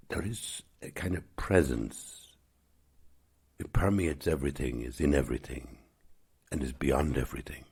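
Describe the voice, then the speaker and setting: A man hosting his own podcast, giving a gentle, musing spiritual talk at an unhurried pace. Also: rumbling low, gravelly, slightly rough. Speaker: podcast host.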